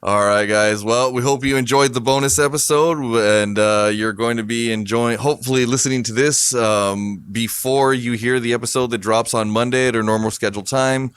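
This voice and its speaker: A man's voice: medium pitch, steady tone, moderate pace, few pauses, a bit bright, clear, resonant tone. A man hosting a podcast, chatting casually and laughing easily as he talks. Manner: easygoing, laughs while talking. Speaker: podcast host. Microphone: podcast microphone.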